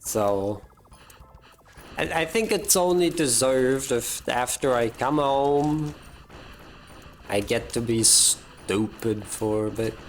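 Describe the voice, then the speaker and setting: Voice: mid-range voice, lively intonation, slow pace, long pauses, slight background noise. A young adult streamer giving live gameplay commentary, thinking aloud, swearing and mocking their own mistakes.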